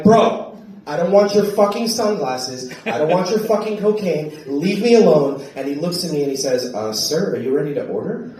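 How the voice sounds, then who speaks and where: A stand-up comedian from Wyoming works a club crowd, his voice pitched high and punchy, with bursts where he shouts. He sounds a bit off-mic, and the club room rings with heavy echo around him. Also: recorded from a distance. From Wyoming, USA. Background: audience laughter.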